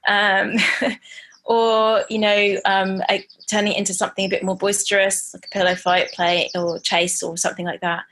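A woman co-hosting a parenting podcast, speaking thoughtfully and haltingly, with many pauses and restarts. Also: mid-range voice, level tone, a bit bright, a little hiss or hum. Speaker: podcast co-host. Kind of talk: casual parenting chat.

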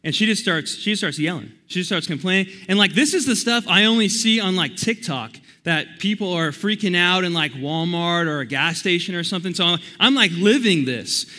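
A young man preaching as a youth pastor at a church youth service. He talks in an energetic, chatty way and often restarts his sentences while he tells stories. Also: sits high, moderate pace, few pauses. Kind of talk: youth sermon with storytelling.

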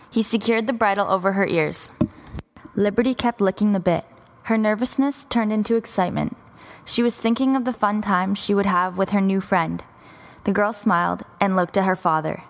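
A woman narrating a children's story in a gentle, even storytelling voice. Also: on the low side.

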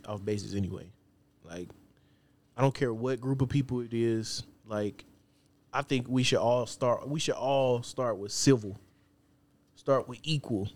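Male podcast co-host, rambling, filler-heavy casual talk. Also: mid-range voice. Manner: rambling, repeats words, many fillers. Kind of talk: casual chat.

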